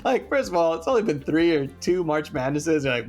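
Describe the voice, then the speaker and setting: A man's voice: fairly high pitch, sing-song, fairly quick, soft background music. A man co-hosting a podcast, bantering casually in a playful, jokey way and laughing often. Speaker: podcast co-host.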